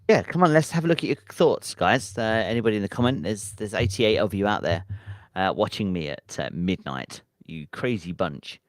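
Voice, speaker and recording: Low-voiced man rambling on a livestream. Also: no echo. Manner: rambling, hesitant, thinking aloud with many ums. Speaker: livestream host reading viewer chat. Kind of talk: casual live-stream chat. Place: home at midnight.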